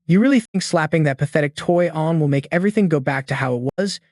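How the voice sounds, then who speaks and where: A contemptuous old clan elder speaks with open scorn and threats, voiced by a man narrating a recap. The voice sits fairly high for a man. The sound is close and dry. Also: fast talker, a little mellow, no echo, lightly acted. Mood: scornful.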